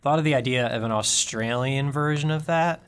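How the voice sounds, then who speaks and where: A man's voice: mid-range voice, a little fast, clean tone. A man co-hosting a casual comedy podcast, rambling through improvised bits and laughing often. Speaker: podcast co-host.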